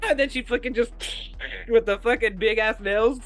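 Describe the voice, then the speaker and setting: A man co-hosting a podcast, retelling horror film scenes in animated, heavily profane casual chat. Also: very high voice, moderate pace. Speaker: podcast co-host.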